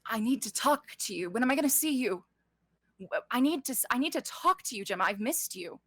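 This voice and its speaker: A guarded, conflicted woman who speaks in clipped, half-hushed urgency, voiced by a woman running a tabletop game. The bright tone is heard in a dry, close recording. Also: a little high, expressive, a little fast, husky, no room sound, pitched above the performer's own voice. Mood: urgent. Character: tense, guarded woman torn between anger and longing.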